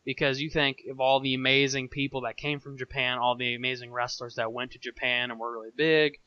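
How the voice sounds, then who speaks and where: A man's voice: mid-range voice, flat delivery, fairly quick, pushed and bright, lo-fi sound. A man hosting a wrestling podcast interview in an upbeat, enthusiastic way. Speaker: podcast host.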